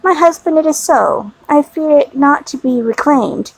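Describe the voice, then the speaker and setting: A woman reading the part of a gentle, devoted young wife who speaks with tender earnestness. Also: high-pitched, animated, normal speed, no echo, voice pushed up, poor audio.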